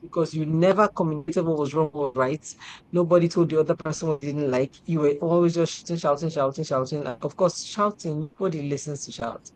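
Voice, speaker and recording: Animated woman, low voice. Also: fast talker, poor audio. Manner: animated, repetitive, laughs often. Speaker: show host. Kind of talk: casual chat, storytelling.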